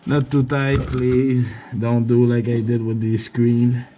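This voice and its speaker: A man's voice: medium pitch, level tone, slow pace, warm tone, a little hiss or hum. A man with a French accent explaining tractor upkeep in a chatty, rambling how-to vlog, joking at himself. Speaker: tractor owner showing maintenance.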